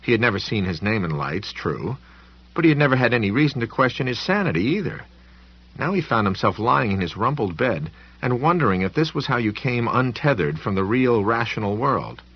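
A man narrating an audiobook in an expressive, dramatic reading. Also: medium pitch, brisk, slightly rough, lo-fi sound.

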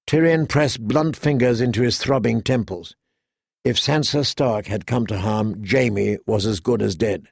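A man reading a fantasy audiobook in a measured, steady manner. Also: mid-range voice, vocal fry, no room sound, studio quality. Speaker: audiobook narrator. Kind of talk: scripted fantasy narration.

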